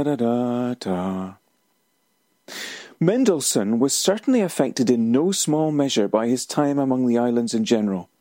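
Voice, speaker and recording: Expressive male narrator, dry studio sound. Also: mid-range voice, no echo. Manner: wry, expressive storytelling. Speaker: presenter. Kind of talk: scripted narration.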